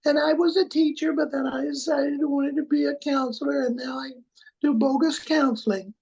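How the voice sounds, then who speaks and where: A man imitating a meek, mousy-voiced young fundamentalist wife, putting on a small, high voice. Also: steady tone, normal speed, gravelly, darkish tone, muffled recording. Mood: simpering.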